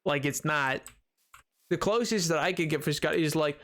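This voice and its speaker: A man livestreaming a game, chatting casually to his viewers in an animated, giggly, rambling way. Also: fairly high pitch, normal speed. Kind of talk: casual chat while gaming.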